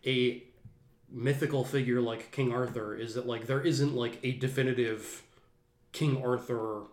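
Male podcast host, average pitch, lectures in loose rambling runs; roomy recording. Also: fairly even intonation, unhurried. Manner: rambling, lecturing, many restarts. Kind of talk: casual film discussion. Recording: roomy echo.

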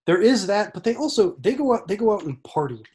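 A man's voice: high voice, sing-song, quick pace, a little mellow, slightly rough. A man hosting a casual podcast, explaining things with wry sarcasm. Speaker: podcast host.

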